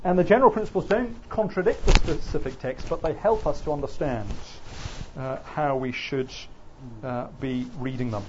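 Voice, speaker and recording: A male lecturer with an Oxford English accent talks through a classroom lesson. He hesitates often and fills his pauses. His voice sits a little higher than average, and the recording is slightly muffled. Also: darkish tone, slight background noise. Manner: hesitant, frequent fillers.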